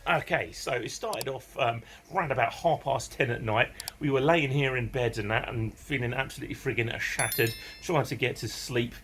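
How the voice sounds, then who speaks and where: A man, telling a dramatic story in a casual vlog, animated and swearing often. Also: mid-range voice, moderate pace, hardly any pauses, noisy background. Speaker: vlogger.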